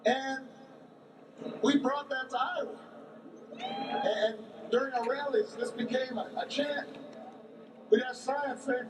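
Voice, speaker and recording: Brief: male candidate at a rally, high voice, distant echoey recording, halting storytelling. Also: sing-song. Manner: halting delivery with many repeated words. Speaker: political candidate. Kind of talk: campaign rally speech, storytelling. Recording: echoey, distant mic, background noise.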